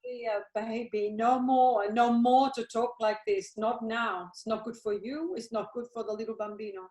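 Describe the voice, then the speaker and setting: A woman's voice: fairly high pitch, moderate pace, lightly acted. A woman playing an anxious Italian mama. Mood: soothing. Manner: pleading, broken English. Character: anxious older Italian immigrant mother. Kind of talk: cold-read play reading. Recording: roomy echo.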